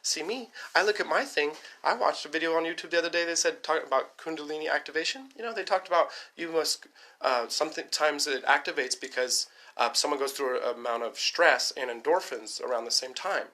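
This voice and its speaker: A fast-talking man ranting to camera in a rambling, profane vlog. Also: a little high, bright, forceful tone. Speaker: vlogger. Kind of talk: casual rant to camera.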